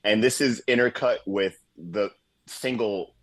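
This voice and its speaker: A man casually recapping a movie on a podcast, animated and profane, laughing often and mimicking lines of dialogue. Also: fairly low pitch, measured pace. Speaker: podcast co-host. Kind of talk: casual movie-review chat.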